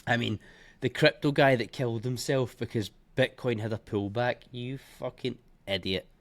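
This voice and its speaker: A man walking through trading charts in a blunt, heavily profane and scornful way, punctuating points with bursts like boom and bish bash bosh. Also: fairly even intonation, normal speed. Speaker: trading educator. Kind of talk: live chart walkthrough.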